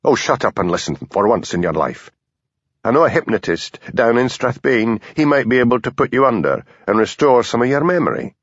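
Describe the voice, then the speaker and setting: A man voicing a patient, dry-witted police constable with a Scottish Highland accent. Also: animated, brisk, no room sound. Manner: mild, patient, blunt when annoyed. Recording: dull lo-fi audiobook recording.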